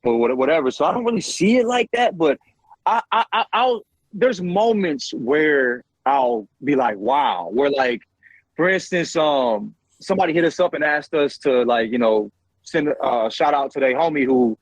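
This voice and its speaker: A man's voice: on the high side, animated, normal speed, no echo, poor audio. A man guest on a talk show, telling stories in a loose, profane, filler-heavy casual way. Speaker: podcast guest. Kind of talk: casual chat.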